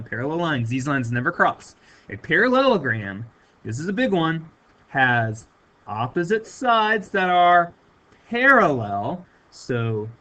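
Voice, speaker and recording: A man's voice: fairly high pitch, bright, forceful tone. A man teaching a recorded math lesson, stressing and repeating key words for his students.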